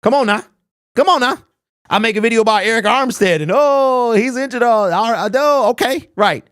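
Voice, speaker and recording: A man's voice: high voice, lively intonation, brisk, a bit bright, no room sound, clean studio sound. A young man hosting a live sports talk stream, ranting bluntly, reading chat messages aloud and firing off rhetorical questions. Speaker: host.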